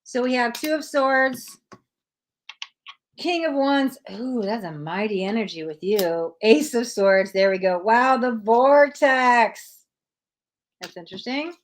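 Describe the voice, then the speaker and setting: A woman's voice: fairly high pitch, takes it slowly. A woman reading tarot cards on a live stream, chatting with viewers and giving blunt readings. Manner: blunt, chatty, reads out chat comments.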